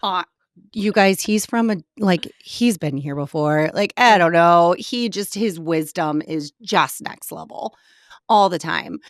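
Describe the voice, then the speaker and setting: A woman in her thirties co-hosting a podcast in casual chat, emotional and gushing with quick asides. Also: lowish voice, dry recording, studio quality. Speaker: podcast co-host.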